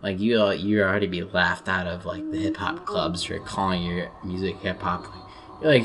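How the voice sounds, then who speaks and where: A man's voice: low-pitched, fairly even intonation, normal speed. A young man rambling through a profane, sarcastic rant while playing a game. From United States. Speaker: gaming commentator. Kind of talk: rambling rant over gameplay.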